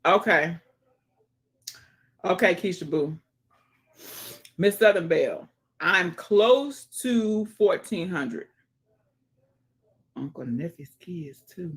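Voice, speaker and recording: A woman's voice: sits low, gravelly. A woman hosting a casual livestream, reading viewer comments aloud with folksy exclamations and dropping to murmurs and whispers. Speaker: livestream host. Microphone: phone.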